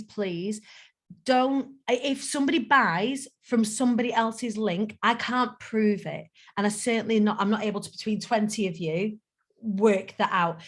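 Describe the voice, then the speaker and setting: A woman leads a group coaching call for a lineup of event speakers. She talks in a chatty, encouraging way and pokes fun at herself between points. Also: mid-range voice. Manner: chatty, self-deprecating, encouraging.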